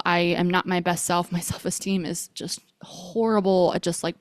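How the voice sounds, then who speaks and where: A young adult woman hosting a podcast, telling a personal story in a chatty, animated way with many fillers. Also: medium pitch, smooth, no echo, clean studio sound. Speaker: podcast host.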